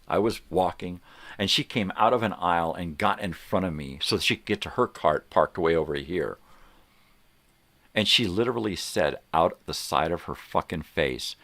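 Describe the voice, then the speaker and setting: An older man hosts a morning livestream from a home room where a fan is running. His low voice is a bit bright, and the recording is dry. He rants heatedly, swearing a lot and doing mocking impressions of other people.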